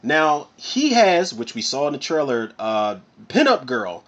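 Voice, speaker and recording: A man's voice: fairly high pitch, a little slow, muffled recording. A man reviewing a horror film in a casual, rambling rant, swearing freely as he goes. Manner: profane, rambling, animated. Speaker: movie reviewer.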